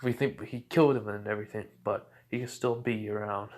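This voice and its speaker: A man's voice: fairly low pitch, steady tone, a little fast, darkish tone, lightly acted. A man voicing a nervous adult ninja soldier giving a report, stammering, near his own voice. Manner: stammering, dutiful.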